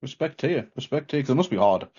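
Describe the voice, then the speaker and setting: A man's voice: mid-range voice, expressive, rapid-fire, darkish tone, slightly rough, lo-fi sound. A male interviewer with a British accent, chatting in a friendly way and laughing along with his guest. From United Kingdom. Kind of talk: casual interview chat.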